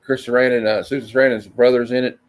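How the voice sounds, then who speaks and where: A man's voice: mid-range voice, flat delivery, fast talker. A man hosting a casual live stream, chuckling and loose as he reads comic panels. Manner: reads comic panels aloud in funny put-on voices. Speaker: host.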